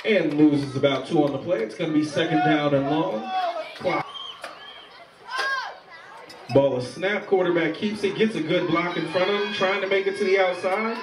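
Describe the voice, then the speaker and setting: A man calls a youth football game play by play, calm and steady as each snap unfolds. His voice sits a bit high and comes from a distance, echoing over the field. A loud crowd and steady noise fill the background. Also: moderate pace, long pauses. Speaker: play-by-play commentator.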